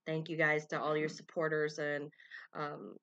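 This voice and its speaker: This woman's voice sits low and stays monotone, moving at a measured pace with a fairly bright tone, though the high frequencies are cut off. As a tarot reader offering a collective love reading to viewers, she drifts around, calls out names and initials as they surface, and leans heavily on "um" and "you know."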